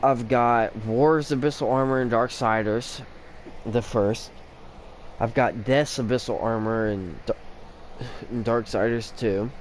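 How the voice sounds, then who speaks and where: Slow-talking man with the hiccups. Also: medium pitch, steady tone, slight background noise. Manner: rambling and thinking aloud, with restarts. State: has the hiccups. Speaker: gamer commentating his own play. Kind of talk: casual gameplay commentary. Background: game music.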